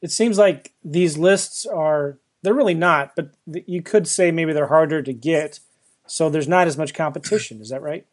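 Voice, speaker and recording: A man's voice: a little high, moderate pace. A man hosting an interview, asking tentative questions and giving short affirmations. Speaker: podcast host. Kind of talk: conversational podcast interview.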